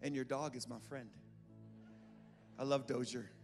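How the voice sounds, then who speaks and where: A man pastor preaching a sermon in a church, moving from calm talk to impassioned shouting, with joking asides. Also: mid-range voice, a little slow. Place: church sanctuary. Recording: reverberant hall with music behind.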